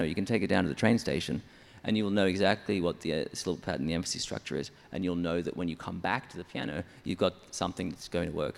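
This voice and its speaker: Deep and gravelly, this church songwriter's voice carries a long reverb tail. He's in an interview explaining his method step by step, methodical and explanatory, counting syllables aloud.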